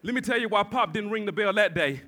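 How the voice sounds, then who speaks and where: High, bright-voiced preaching man. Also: animated, fast talker. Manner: preaching with call-and-response to the congregation, rising to shouts. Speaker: pastor. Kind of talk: sermon.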